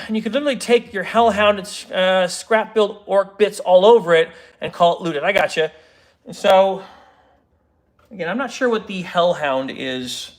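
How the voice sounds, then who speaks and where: A man's voice: sits high, a bit bright. A man chatting casually on a livestream while building models, rambling and interrupting himself as he reads comments.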